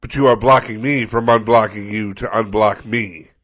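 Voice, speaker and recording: A man's voice: fairly low pitch, fairly even intonation, moderate pace, fairly bright tone. A man playing a stubborn homeowner who guards his driveway with a shovel and speaks in stiff, formal declarations. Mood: defiant. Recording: dull lo-fi recording.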